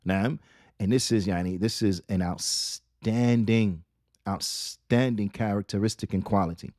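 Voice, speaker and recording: A man giving a religious lesson, asking rhetorical questions, repeating key phrases and reading Arabic quotations quickly. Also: on the low side, a little mellow, no echo, studio quality. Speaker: Islamic teacher.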